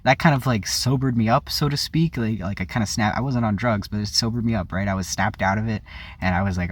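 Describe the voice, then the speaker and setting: A man's voice: on the low side, fast. A man vlogging a candid personal story, rambling and confessional, often circling back and correcting himself. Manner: rambling, frank and confessional, with self-corrections and frequent "like".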